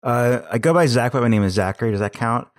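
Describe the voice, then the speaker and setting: A man's voice: mid-range voice, fast talker, no room sound, clean studio sound. A young man on a podcast panel, chatting in a laid-back, amused way. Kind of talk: casual chat.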